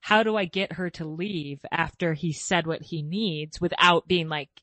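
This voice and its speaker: A woman's voice: on the low side, unhurried, fairly bright tone, no echo. A mother hosting a podcast, candidly describing her children's squabbles and asking for advice, laughing often. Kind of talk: casual podcast chat.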